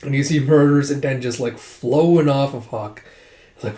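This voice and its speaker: A man's voice: mid-range voice, moderate pace. A man casually recapping a story, acting out the lines with lots of "he's like.". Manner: animated, acts out quotes, frequent "he's like". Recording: roomy echo.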